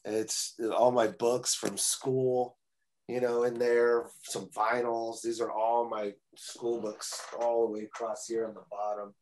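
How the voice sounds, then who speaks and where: A man's voice: medium pitch, little pitch movement, unhurried, a little mellow, slight background noise, poor audio. Man guest, casual and joking, video call audio, home room full of stuff. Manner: loose and joking, repeats words when starting. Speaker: podcast guest, musician. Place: home room packed with records and memorabilia.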